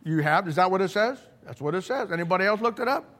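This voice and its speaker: A middle-aged man preaching in a loose, conversational way, blunt and folksy. He stumbles and repeats words as he builds his stories. His voice sits a little high for a man. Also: animated, fast talker, fairly bright tone. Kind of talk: conversational sermon storytelling.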